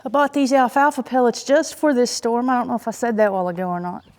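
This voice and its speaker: A woman's voice: a little high, steady tone, fast, darkish tone, slight background noise. A woman from Oklahoma talking casually while she does farm chores, a little out of breath and rambling with many fillers. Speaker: homesteader vlogger. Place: outdoors on a farm.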